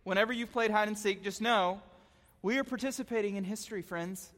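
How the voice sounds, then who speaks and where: A man preaching to young people, telling stories in a chatty, excitable way full of filler words. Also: high-pitched, a little fast. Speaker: youth pastor. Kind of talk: animated youth sermon storytelling. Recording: long reverb in a hall.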